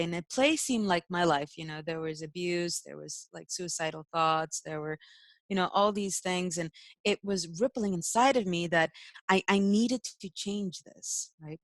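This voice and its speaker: A woman's voice: on the low side, no room sound. A young woman, a spiritual teacher, telling a personal story in casual talk, emotional, laughing often and using many fillers.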